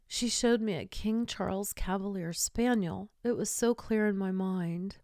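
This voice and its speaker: An older woman hosts a podcast, telling a personal story with emotion and dropping to a whisper in tender moments. Her mid-range, darkish voice is unhurried, with hardly any pauses. The studio sound is clean and dry.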